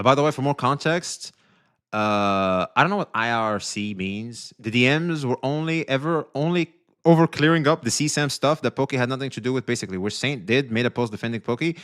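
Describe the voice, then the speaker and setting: Man, streamer, casual reaction commentary, bright sharp voice, swears a lot, talks to chat. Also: mid-range voice. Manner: loose and profane, stopping to talk to chat.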